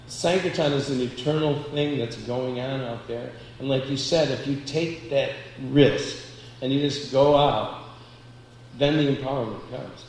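A man with a gravelly, creaky voice tells lively stories and pokes fun at himself, laughing along the way. He sounds roomy, with a long hall reverb and some faint ambience behind him. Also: mid-range voice, slight background noise. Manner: lively, self-deprecating, laughs while telling stories. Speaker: book distributor sharing a realization. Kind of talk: casual storytelling.

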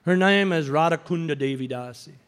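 A man's voice: a little high, brisk, clear, resonant tone. A man preaching an anecdotal sermon, telling stories and acting out the voices of the people in them. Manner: storytelling, acts out quoted voices.

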